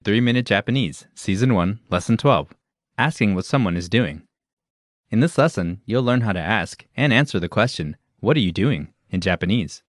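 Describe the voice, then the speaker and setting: Deep-voiced man narrating a lesson. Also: normal speed, no echo, clean studio sound. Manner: even, explanatory, announcer-like. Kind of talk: scripted instructional narration.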